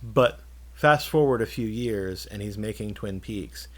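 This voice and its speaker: A man co-hosting a casual podcast, telling a story with animated delivery. He acts out the people in the anecdote, shifting his voice for each quote. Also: on the low side, measured pace. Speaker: podcast co-host.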